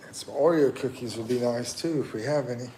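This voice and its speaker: A man's voice: medium pitch, a little fast, dark tone. A man hosting a casual livestream, chatting with viewers and thinking aloud in a rambling way. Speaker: livestream host. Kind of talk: casual live chat reading viewer comments.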